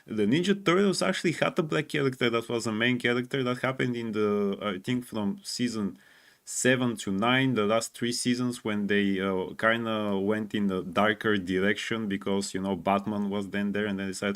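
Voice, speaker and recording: A man's voice: fairly low pitch, normal speed, a bit bright. Agreeable male co-host, hesitant. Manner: agreeable, hesitant restarts, frequent "yeah". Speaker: podcast co-host. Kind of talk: casual chat.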